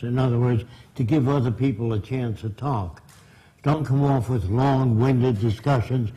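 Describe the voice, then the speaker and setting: A man's voice: mid-range voice, dark tone, rough recording. A man giving a public lecture in a blunt, emphatic and direct way.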